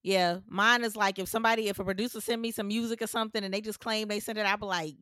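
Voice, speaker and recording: A woman co-hosting a podcast, chatting casually and reacting with quick interjections. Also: medium pitch, fairly even intonation, pushed and bright, no echo, studio quality. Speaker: podcast co-host. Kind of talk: casual chat.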